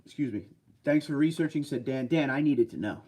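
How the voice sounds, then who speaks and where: A man's voice: mid-range voice, fairly quick, dark tone. A man hosting a casual livestream from a desk chair at home, chatty as he reads viewer comments aloud and answers them. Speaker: livestream host.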